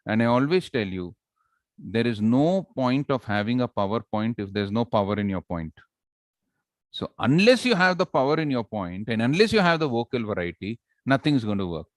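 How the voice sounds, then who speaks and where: A man runs a public speaking workshop, his pitch leaping up and down as he acts out examples. He keeps tossing questions to the room in a playful, teasing way. The sound is dry and close. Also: moderate pace, no echo. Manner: lively, playful, talks to the audience with questions and demonstrations. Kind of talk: live workshop talk.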